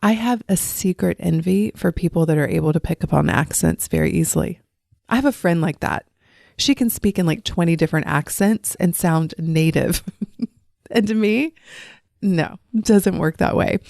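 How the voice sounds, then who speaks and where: A woman's voice: on the low side, normal speed, vocal fry, warm tone, no echo, studio quality. A woman hosting her own podcast, talking in a chatty, upbeat, personal way. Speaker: podcast host. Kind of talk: casual solo podcast talk.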